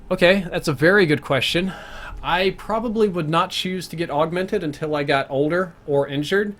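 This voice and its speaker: Young male streamer, a bit high-pitched, loose and talkative, answers chat while he plays. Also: moderate pace, a bit bright. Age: young adult. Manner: rambling, thinks aloud, answers viewer questions between plays. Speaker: game streamer. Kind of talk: live gameplay commentary chat.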